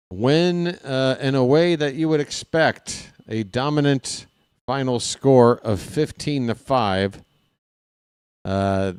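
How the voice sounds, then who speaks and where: Smooth, unhurried baseball play-by-play man. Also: medium pitch, a little mellow, dry recording, studio quality. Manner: chatty, wanders into personal asides between calls; candid and self-deprecating. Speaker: play-by-play announcer. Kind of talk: casual live baseball play-by-play.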